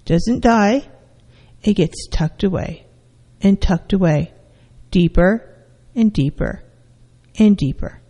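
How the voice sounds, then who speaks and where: A therapist explaining a concept to listeners at an unhurried pace. The delivery is measured, with pauses and restarts. The voice carries a long hall reverb. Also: mid-range voice, dark tone. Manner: measured, with frequent fillers and restarts. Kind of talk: explanatory talk to an audience.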